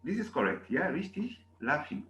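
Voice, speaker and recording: A man's voice: a little high, very animated, normal speed, roomy sound, over a noisy crowd. A man teaching German verbs in a classroom lesson, repeating himself often and checking with "okay?". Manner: repetitive, emphatic, asks "okay?" often.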